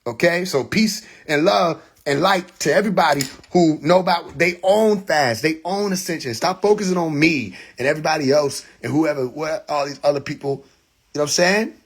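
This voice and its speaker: Broadcasting live on social media from his phone, this man tells a story at a moderate pace in a voice that sits on the high side. His slang is loose, his laughter frequent, and the whole thing has the feel of a relaxed stream monologue.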